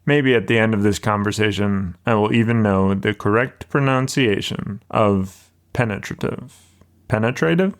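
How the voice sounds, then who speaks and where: A man's voice: lowish voice, normal speed, few pauses, smooth. A man hosting a podcast, talking in a casual, self-deprecating and slightly shy way. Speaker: podcast host. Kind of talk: casual podcast narration and interview.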